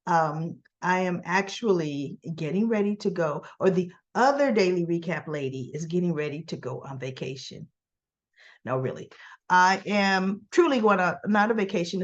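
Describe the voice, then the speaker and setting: A woman's voice: medium pitch, lo-fi sound. A woman chatting casually as she recaps a soap opera episode, acting out the characters' lines in a livelier voice.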